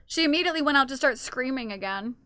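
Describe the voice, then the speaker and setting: A woman's voice: high-pitched, animated, quick pace, sharp tone, clear, resonant tone, no echo. A woman streamer chatting casually with her viewers and cooing baby talk to her cats. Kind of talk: casual live-stream chat.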